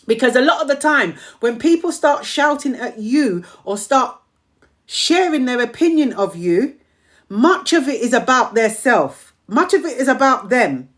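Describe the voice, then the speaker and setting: A woman's voice: sits high, animated, a little slow. A woman hosting a motivational live stream, emphatically repeating affirmations to her community, her voice strained and tiring.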